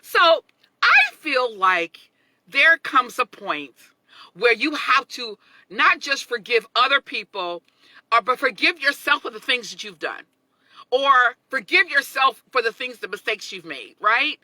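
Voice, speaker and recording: A woman in her thirties, hosting a casual motivational talk, chatty and expressive, laughing often and greeting viewers by name. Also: on the high side, a little slow, no room sound, poor audio. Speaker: motivational livestream host.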